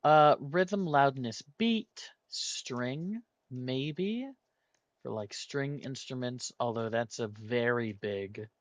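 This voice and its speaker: A man's voice: mid-range voice, slow pace, dry recording. A man thinking aloud while solving a word puzzle, hesitating and weighing each option as he goes.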